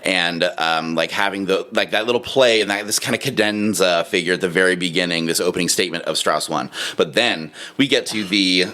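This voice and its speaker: A man's voice: low voice, a little fast, few pauses. A man co-hosting a podcast, chatting casually about horn playing, singing out musical phrases and using lots of fillers. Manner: sings phrases, filler-heavy, lively. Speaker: podcast co-host, horn player. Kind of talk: casual chat.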